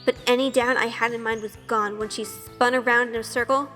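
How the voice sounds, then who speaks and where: A woman's voice: on the high side, steady tone, a little fast, sharp tone, in a large hall, faint music behind. An actress narrating in first person as a shy, nervous young woman who keeps questioning herself in an audio drama. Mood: self-conscious. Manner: earnest, self-questioning inner monologue.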